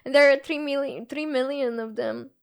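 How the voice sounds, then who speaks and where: Young streamer girl from bulgaria, high voice, earnest and kinda halting, chatting to her viewers. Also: fairly even intonation, creaky. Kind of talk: casual live-stream chat.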